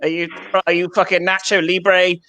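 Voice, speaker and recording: Male stand-up comic, bright voice, self-mocking storytelling. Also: sits high, level tone, normal speed. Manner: self-deprecating anecdotes with acted quotes. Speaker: stand-up comedian. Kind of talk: stand-up comedy.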